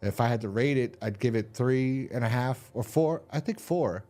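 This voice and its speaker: A man's voice: mid-range voice, moderate pace, warm tone. A man casually retelling an episode's plot on a podcast, swearing and restarting often. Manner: rambling, profane retelling with many restarts. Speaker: podcast co-host reviewing a horror episode. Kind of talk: casual chat.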